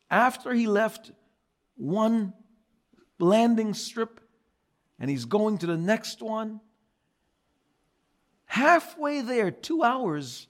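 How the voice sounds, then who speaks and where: A man preaching a sermon as pastor, swinging from loud emphatic repetition to quiet dramatic storytelling. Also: on the high side.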